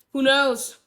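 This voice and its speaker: A woman's voice: high-pitched, pushed and bright. A young woman talking casually in a rambling, dramatic, self-mocking vlog. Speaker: vlogger.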